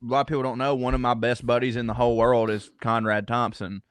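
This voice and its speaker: A man's voice: mid-range voice, level tone, quick pace, no room sound. A man in his thirties from Georgia, a comedian guest talking casually, rambling and profane with many restarts. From Georgia, USA. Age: 30s. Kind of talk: casual podcast conversation.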